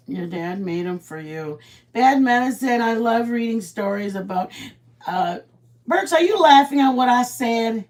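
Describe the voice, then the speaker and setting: A woman's voice: a little high, lively intonation, measured pace. Chatty woman cooking on stream. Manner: chatty, rambling, greets viewers by name. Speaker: vlog host. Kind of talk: casual live-stream chat while cooking. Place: home kitchen.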